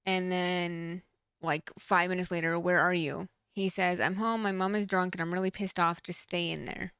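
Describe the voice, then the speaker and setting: Young woman, true crime reaction host, low-ish pitch, smooth clear voice, dry close sound, casual reading, blunt profane asides. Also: moderate pace, dry recording. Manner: reads texts flatly, blunt asides with swearing.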